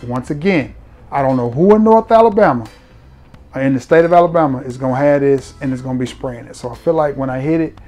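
A man's voice: medium pitch, a little mellow. A man, chatting playfully and directly to viewers while reviewing his fragrances. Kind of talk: casual review vlog.

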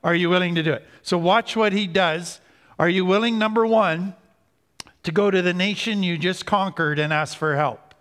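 A man's voice: high voice, a bit bright. Earnest man teaching in a hall. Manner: earnest, slows down for emphasis. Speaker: recovery speaker. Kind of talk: teaching talk. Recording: hall reverb.

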